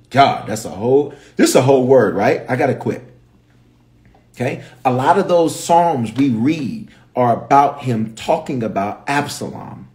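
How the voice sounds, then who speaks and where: A man with a Memphis accent, a bishop teaching the Bible on a livestream, telling the story with animated voices for the characters. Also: mid-range voice.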